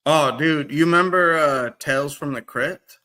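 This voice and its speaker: Chill guy saying dude a lot, bright sharp voice, casual podcast chat. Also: a little high, moderate pace. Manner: laid-back, says dude a lot.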